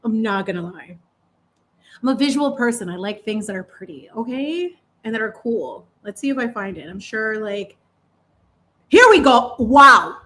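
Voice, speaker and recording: A higher-pitched woman chats casually while she paints, playful and animated, full of slang and asides. She hosts her own paint-along channel. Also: normal speed. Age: adult parent. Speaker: channel host.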